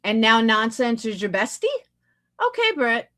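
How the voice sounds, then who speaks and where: A woman's voice: on the high side, sing-song, unhurried, a bit bright. A woman hosting a livestream, talking back in a blunt, sarcastic and profane way. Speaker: livestream host. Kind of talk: casual livestream commentary.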